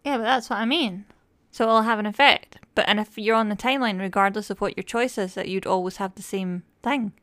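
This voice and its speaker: A woman chats through a show review with eager, firm opinions. Her pitch sits in a middle range. The recording is dry and close. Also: a little fast, fairly bright tone, no echo. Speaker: podcast co-host. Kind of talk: casual review chat.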